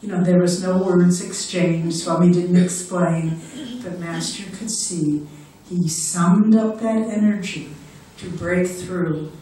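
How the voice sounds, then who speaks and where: A woman's voice: lowish voice, fairly even intonation, slow pace, mellow. An older woman who is a spiritual director, giving an earnest talk with stories that encourage her listeners. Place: lecture hall. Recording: very echoey hall, mic far off.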